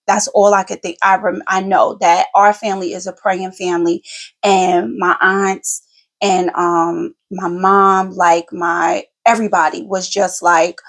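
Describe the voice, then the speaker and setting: A woman in her forties hosting a podcast, telling family stories in an animated, emphatic, colloquial way. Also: mid-range voice. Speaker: podcast host, mother. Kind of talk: casual conversational storytelling.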